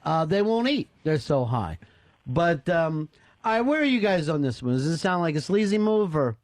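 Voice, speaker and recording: In the radio studio, the host's fairly high voice swings widely in pitch at a moderate pace over a studio microphone. He jokes around with his co-host and callers, casual, wry, and foul-mouthed.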